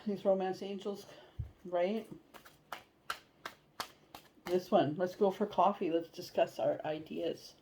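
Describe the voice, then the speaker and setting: A woman giving a casual tarot reading, chatty and animated, blunt, and she swears now and then. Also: fairly low pitch, slow pace, pauses often, noisy background. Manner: chatty and animated, acts out inner voices. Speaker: tarot reader.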